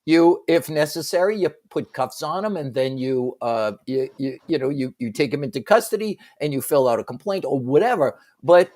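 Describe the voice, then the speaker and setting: A middle-aged man riffs on a radio talk show, voice rising and falling with energy. He slips into shouted movie-style lines mid-thought. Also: a little high, moderate pace, few pauses. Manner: animated, bursts into shouted movie quotes. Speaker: radio sports talk co-host. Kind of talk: casual talk radio banter.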